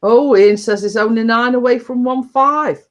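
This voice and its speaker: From her home computer desk, a woman hosts a casual livestream chat, chatty and rambling with frequent restarts and laughs. Her voice is on the high side at a moderate pace.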